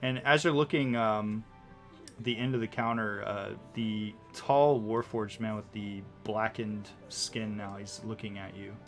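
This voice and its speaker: A man narrating as game master in a relaxed, rambling way. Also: fairly low pitch, measured pace, soft background music.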